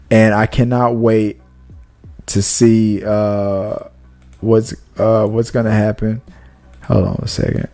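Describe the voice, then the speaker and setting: A young man chatting loosely as a podcast host, jumping between thoughts and swearing freely. His pitch sits in the middle for a man. Faint music plays underneath. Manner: rambling and animated, with profanity and restarts. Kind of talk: casual chat.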